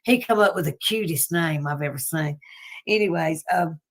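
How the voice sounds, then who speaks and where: A woman with a Southern US accent hosts a casual livestream, chatty and folksy, often laughing between thoughts. Her voice sits low and she speaks at a moderate pace.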